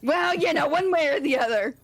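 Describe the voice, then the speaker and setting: A woman's voice: high voice, fairly quick, no room sound, pitched above the performer's own voice, natural voice. A woman voicing a bossy, scheming old grandmother who manages a wrestler and scolds him. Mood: scolding. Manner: scolding, grumbling, calls him boy.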